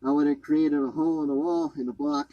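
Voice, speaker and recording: Angry sarcastic man, high voice. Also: fairly even intonation, fast, no echo, lo-fi sound. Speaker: homeowner inspecting a botched install. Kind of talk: annoyed walkthrough vlog. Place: crawl space under a home.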